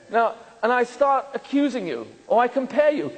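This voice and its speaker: Animated high-voiced man lecturing in a hall. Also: quick pace, few pauses. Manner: asks the audience many questions; jokes and laughs with the room. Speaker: rabbi. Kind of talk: lecture to an audience.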